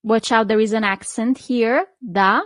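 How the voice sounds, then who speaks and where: A woman's voice: on the high side, animated, slow, no echo. A woman teaching a language lesson, patiently repeating each word and checking in with the listener. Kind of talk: slow, clear language lesson.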